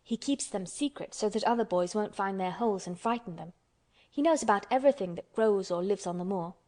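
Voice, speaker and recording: A woman's voice: mid-range voice, fairly quick, darkish tone, lightly acted. A woman voicing a blunt, stubborn young orphan girl who speaks earnestly in a storybook. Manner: earnest, contrary storybook telling.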